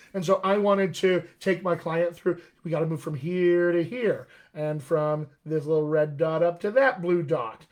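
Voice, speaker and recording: Male dialect coach, slightly raised pitch, teaching vowels live and modeling sounds for viewers. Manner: demonstrates vowel sounds, addresses viewers as friends. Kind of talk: live-streamed accent lesson.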